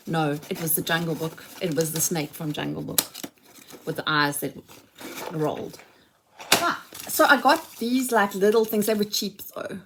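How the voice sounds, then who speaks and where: A woman's voice: fairly low pitch, moderate pace, very noisy. A mother chatting casually as she unboxes a shopping haul, gushing and exclaiming over each item.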